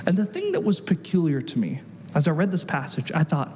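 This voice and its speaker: A man preaching a sermon as pastor, an animated storyteller who acts out the voices he quotes. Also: fairly high pitch, a little fast, long reverb tail.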